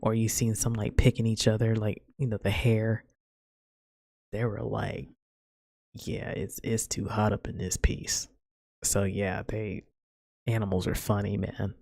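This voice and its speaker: A woman's voice: very deep voice, gravelly, a little mellow, breathy edge, no echo, studio quality. A woman hosting her own podcast, chatting in a rambling, casual way full of "like" and "man". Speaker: podcast host. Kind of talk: casual solo podcast chat.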